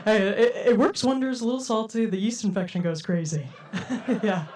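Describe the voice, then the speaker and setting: A woman's voice: mid-range voice, normal speed, darkish tone, distant mic. A young woman performing a stand-up comedy set for a live audience, with a playful, giggly delivery and frequent laughs.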